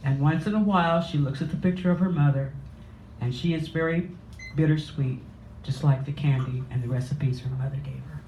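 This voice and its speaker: A man's voice: on the high side, steady tone, a little fast, slight background noise. A man reading a story aloud at an open mic in a small cafe. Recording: dull, echoey cafe room.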